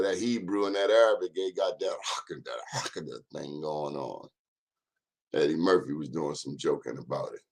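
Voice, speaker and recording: A man with a deep, creaky voice hosts a casual live-stream monologue. He chats and speaks straight to his viewers, drawing out his phrases.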